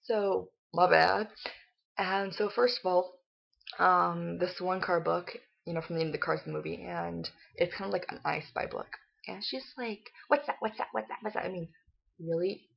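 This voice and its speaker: A young woman telling a story to her vlog camera, her voice husky with a gravelly edge. She rambles in a casual way, peppering every sentence with "like" and playing out the bits of dialogue. The recording is dull and lo-fi. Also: fairly low pitch, steady tone, measured pace. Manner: chatty retelling, full of "like", acting out quotes. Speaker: vlogger.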